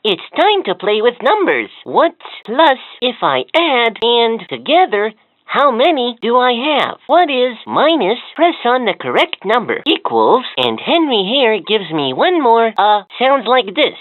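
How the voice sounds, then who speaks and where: A woman's voice: on the high side, big pitch swings, unhurried, no echo. A woman voicing a cheerful, chatty talking learning toy, with encouraging, giggly, joke-telling lines. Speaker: voice of a children's educational toy. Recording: tinny, dry toy speaker audio.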